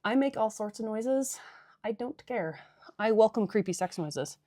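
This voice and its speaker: A woman's voice: fairly high pitch, animated, a little slow, warm tone, no room sound. A woman leading a casual guided stretching class, chatty and irreverent with joking asides. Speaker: yoga and stretching instructor.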